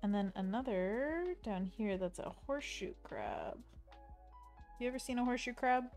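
Her voice sits on the high side and is very animated yet a little mellow, at normal speed, over soft background music. She's an art streamer drawing live, chatting casually and playfully reading out viewer messages.

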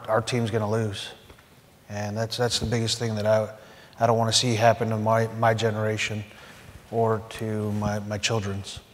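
A middle-aged man answers a question earnestly, stumbling over repeated words. His voice is fairly low and stays flat. A long hall echo hangs around it. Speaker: panelist, Medal of Honor recipient. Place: auditorium panel. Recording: echoey hall sound.

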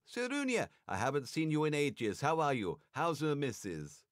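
A man voicing Mikola, an excitable village moonshiner, in a raised, animated voice. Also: fairly high pitch, normal speed, no echo, clean studio sound, pitched above the performer's own voice. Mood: friendly. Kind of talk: game voice acting.

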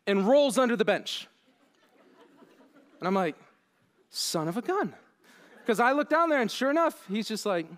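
A young man giving a conference keynote, telling a funny story and acting out his own lines with lively, self-deprecating energy. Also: very high-pitched. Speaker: keynote speaker. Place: conference hall.

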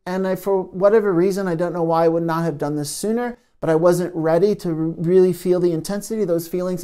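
A man, a trauma therapist, gently giving a self-help talk to camera into a microphone, soft-spoken with many pauses. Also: high-pitched, smooth. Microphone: studio microphone.

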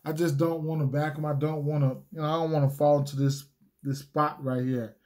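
A man's voice: fairly high pitch, little pitch movement, a little fast, a little mellow. A man giving sports betting picks in a casual solo video, rambling with lots of fillers, restarts and slang. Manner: laid-back slangy talk. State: hiccups.

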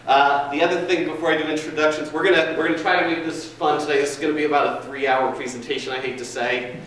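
This food and beverage trainer's voice is a little high and fairly bright, delivered flatly and fast. He spins a rambling, folksy workplace yarn padded with chatty fillers, then leads staff training in a big meeting room. The audio is captured from a distance in a very echoey space with some faint noise.

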